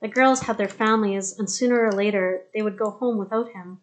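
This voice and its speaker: A woman narrating an audiobook in a steady, even storytelling manner. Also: mid-range voice, brisk. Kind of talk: scripted narration.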